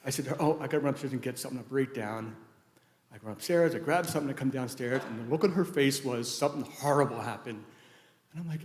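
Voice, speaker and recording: A man's voice: mid-range voice, fairly quick, darkish tone. A man giving a eulogy for his late wife at a funeral, telling rambling, anecdotal stories with many restarts. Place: large church sanctuary. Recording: echoey church hall.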